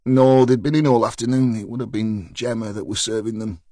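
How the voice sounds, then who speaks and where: A jittery, gossipy pub landlord, put on by a male narrator with a lilt, stammering as he spills rumours. He talks a touch lower and softer than the narrator's own voice. The sound is close and dry, with no room around it. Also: fairly even intonation, a little fast, no room sound, close to an everyday voice. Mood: nervous gossip. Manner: stammering, chatty, dialect-heavy.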